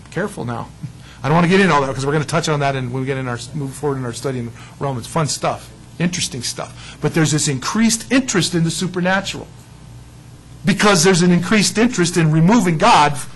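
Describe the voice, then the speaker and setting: Brief: high-pitched male Bible teacher, conversational and rambling, asides dropped low and quick. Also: a little hiss or hum, poor audio. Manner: chatty, digressive, often trails off quietly.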